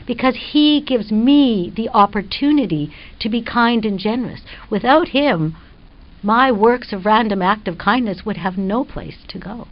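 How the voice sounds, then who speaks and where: A woman's voice: a little high, measured pace. Older woman telling a reflective story. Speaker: guest. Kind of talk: spiritual conversation on radio. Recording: dull lo-fi radio sound.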